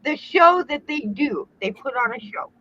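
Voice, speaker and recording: A woman's voice: high voice, lively intonation, moderate pace, bright, forceful tone, a little hiss or hum. A woman explaining sewing problems in a rambling, exasperated way during a casual chat. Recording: dull lo-fi sound.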